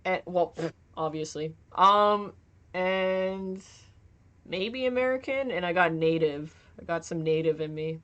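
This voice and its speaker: A woman's voice: fairly low pitch, measured pace, fairly bright tone, muffled recording. A young woman streaming from home, chatting casually while gaming, giggling and joking as she reads chat aloud.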